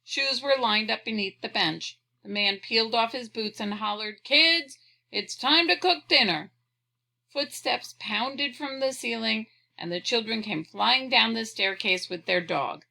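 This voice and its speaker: Bright, gravelly-voiced woman reading a storybook. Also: a little high, unhurried, few pauses, low-quality recording. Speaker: audiobook reader. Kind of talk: storybook read-aloud.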